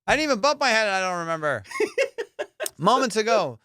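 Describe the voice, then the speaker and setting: A young adult man hosting a comedy podcast, telling stories in profane, excitable casual banter. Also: sits high, brisk. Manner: profane, excitable storytelling with frequent laughs.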